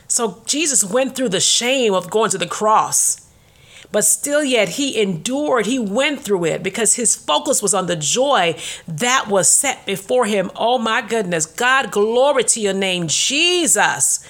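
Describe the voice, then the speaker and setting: A woman's voice: mid-range voice, lively intonation, measured pace, fairly bright tone. A woman hosting a devotional broadcast, preaching and praying fervently, with emphatic repeated calls. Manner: fervent, exhorting, with emphatic repetition. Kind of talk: devotional sermon with prayer.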